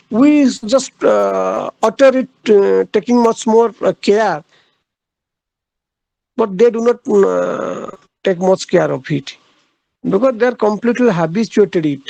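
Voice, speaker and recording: A man lectures on literature in a high-pitched voice with a rough, gravelly edge. He works through his points haltingly, filling gaps with "uh" and restating each idea. The sound is close and dry, with no room echo. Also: a little mellow. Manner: halting, repeats key phrases, frequent "uh" pauses. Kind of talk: classroom lecture.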